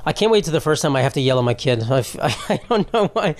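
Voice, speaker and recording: A man's voice: fairly high pitch, sing-song, fast talker. A young man hosting a solo podcast, rambling casually with lots of swearing and jokes. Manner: rambling, profane, jokey. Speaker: podcast host.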